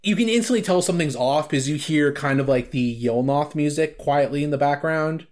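A man's voice: on the high side, a little fast, darkish tone. A man in casual chat about a video game, rambling with lots of filler words and restarts.

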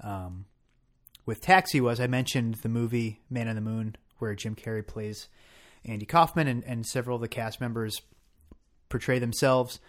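A man's voice: mid-range voice, steady tone, normal speed. A man co-hosting a casual podcast discussion, thoughtful and often restarting his sentences. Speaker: podcast co-host.

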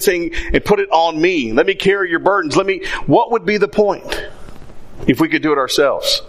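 A man's voice: fairly high pitch, a bit bright. A man preaching a sermon in a conversational way, acting out little asides. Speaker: pastor.

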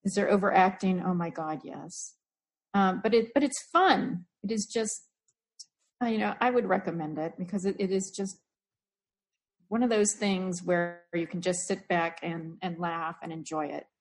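A woman's voice: lowish voice, normal speed. A woman in a casual podcast chat, talking with playful enthusiasm. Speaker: podcast co-host.

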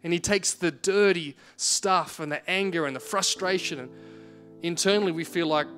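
A man's voice: sits high, normal speed, clear, resonant tone, faint music behind. A man in his thirties, a pastor preaching a sermon, who tells stories and acts out reactions. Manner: animated storytelling, acts out reactions.

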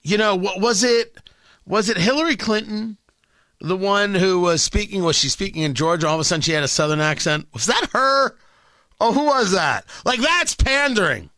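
A man's voice: high voice, animated, moderate pace, pushed and bright, dry recording. A man hosting a talk radio show, delivering an opinionated, sarcastic and combative monologue into a studio microphone.

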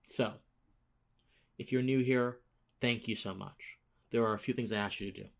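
The voice is a man's, on the low side, creaky and steady, moving at a moderate pace. He's a political commentary host giving a casual monologue that rambles, restarts, and escalates into emphatic outbursts.

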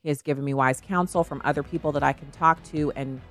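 A woman hosting a talk radio show, speaking in an animated way and mimicking other people in quoted asides. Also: low-pitched, quick pace, soft background music. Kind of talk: conservative talk radio commentary.

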